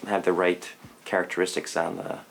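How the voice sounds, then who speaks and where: Male surgeon, low gravelly voice, halting and matter-of-fact, hospital with faint noise. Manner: halting, repeats words, calm and matter-of-fact. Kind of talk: explaining surgery to a family.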